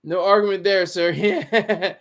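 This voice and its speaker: High-voiced joking male livestream host. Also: fairly even intonation, a little slow. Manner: chatty, joking, talks to chat. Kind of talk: casual commentary.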